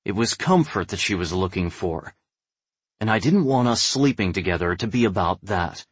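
Man, low voice, husky, dry close recording, romance audiobook narration. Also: lively intonation, moderate pace, no room sound. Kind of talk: first-person romance narration.

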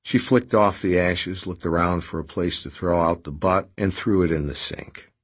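Deep, husky man narrating an audiobook. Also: moderate pace.

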